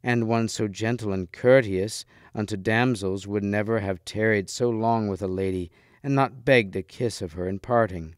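A man's voice: on the low side, normal speed, hardly any pauses, dry recording, studio quality, natural voice. A man reading a teasing noble lady.

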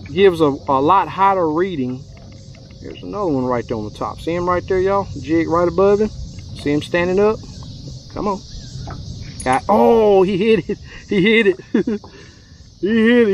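A Texan fishing guide chats with viewers from a boat on a lake, drawling and calling them y'all in casual vlog commentary. His voice is high, the recording muffled, with slight background noise.

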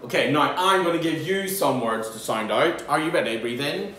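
Male teacher, animated children's phonics lesson, recorded from a distance, faint hiss. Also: a little high. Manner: playful, animated, slow and drawn out for young learners. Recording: echoey room, mic at a distance, faint background noise.

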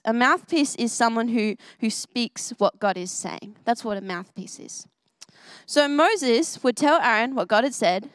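A woman's voice: a little high, fairly bright tone, no room sound. A young woman leading a children's church message, bubbly and full of questions for the kids. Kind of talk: kids' sermon. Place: church service.

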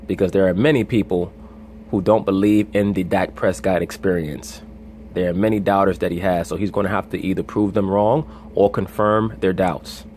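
A man with a fairly low voice delivers opinionated, profane football commentary in a casual vlog. He talks bluntly and with confidence. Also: steady tone, normal speed, darkish tone, slight background noise. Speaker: sports commentary vlogger.

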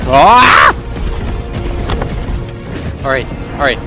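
A man streaming a horror game, commenting in an excitable way, swearing and yelping at scares. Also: medium pitch, drawn-out words. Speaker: gaming streamer. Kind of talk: let's play commentary. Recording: game sounds and music behind voice.

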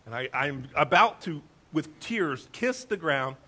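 A middle-aged male pastor telling a funny story in a sermon, with a lively, self-mocking manner. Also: on the high side, measured pace.

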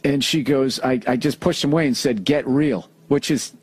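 A man's voice: medium pitch, fairly quick. A man from the United States telling a profane, sarcastic story in a heated rant on his podcast. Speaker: comedian podcaster. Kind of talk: ranting podcast monologue.

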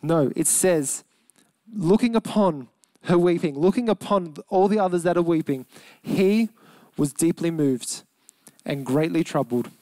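A man's voice: fairly high pitch, no room sound. Earnest Australian man preaching, dry sound. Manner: earnest, emphatic preaching with slowed, softened key words. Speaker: pastor. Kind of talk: sermon.

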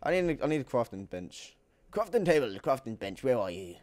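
A young man giving excitable, jokey commentary while playing a video game, swinging between loud outbursts and quiet muttering. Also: medium pitch, quick pace. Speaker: gaming YouTuber. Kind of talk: gameplay commentary.

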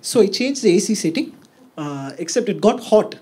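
A man with a high, husky voice performs a stand-up comedy set before a live audience at a normal speed. He tells stories animatedly, turning sombre in the closing part.

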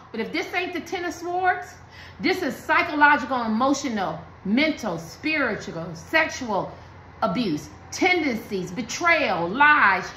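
A woman's voice: a little high, bright, forceful tone, reverberant, slight background noise, rough recording. A woman giving a blunt, emphatic tarot reading, talking in slang and preaching to her viewers. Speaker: tarot card reader.

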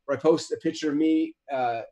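Fast-talking man rambling with restarts. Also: on the high side, fairly even intonation, dark tone. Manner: rambling, many restarts and repeated words. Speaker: guest author. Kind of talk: casual interview talk.

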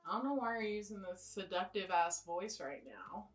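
A woman's voice: medium pitch, animated, moderate pace, low-quality recording. A young adult woman chatting casually while doing her makeup, rambling and blunt with plenty of swearing. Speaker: beauty vlogger. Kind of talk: casual get-ready-with-me chat.

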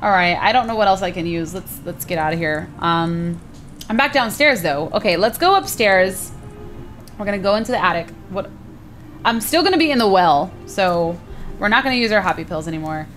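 A woman's voice: medium pitch, lively intonation, fairly quick, a bit bright, faint music behind. Chatty woman narrating her gameplay. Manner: chatty, addresses viewers, exclaims in surprise. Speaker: gaming video host. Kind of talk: casual let's play commentary.

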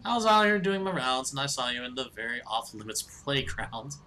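A man's voice: medium pitch, sing-song, brisk, sharp tone, a little hiss or hum. A man voicing a stern small-town police officer aunt in a video game, bossy and scolding.

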